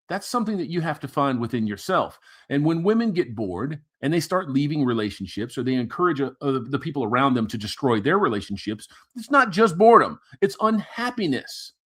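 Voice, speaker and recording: A man's voice: on the high side, fairly bright tone. A man ranting crudely with heavy profanity while commenting on videos he plays. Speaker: commentary streamer. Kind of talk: casual reaction commentary.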